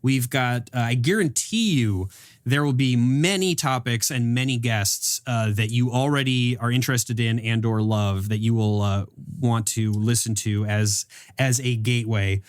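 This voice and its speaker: A man's voice: mid-range voice, measured pace, clean tone, no echo, studio quality. A man talking as a podcast guest in casual chat, rambling eagerly as he plugs his own show. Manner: rambling, eager promo talk.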